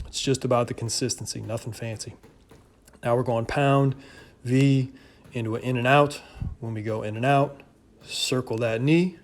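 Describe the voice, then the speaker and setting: Calm male coach with a flat delivery. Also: medium pitch, slight background noise. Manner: calm, steady coaching with casual fillers. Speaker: basketball trainer. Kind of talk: voice-over workout instruction. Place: home garage.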